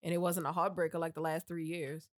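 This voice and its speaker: A woman co-hosting a podcast, speaking candidly in quick, chatty bursts. Her voice is on the low side for a woman and sounds close and dry. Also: flat delivery, no room sound. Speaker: podcast co-host. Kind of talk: casual podcast chat.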